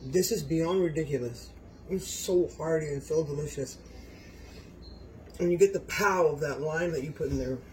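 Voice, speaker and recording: A man's voice: a little high, normal speed, a little mellow, slight background noise, poor audio. Effusive man cooking at home. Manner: effusive, exclaims often, talks to viewers. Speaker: home cook vlogger. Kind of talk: casual cooking demonstration. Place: home kitchen.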